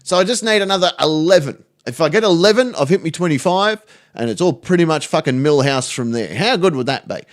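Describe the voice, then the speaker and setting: A man's voice: a little high, lively intonation, fairly quick. A man hosting a live stream, chatting casually and telling jokes, often swearing. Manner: sweary, joking storyteller.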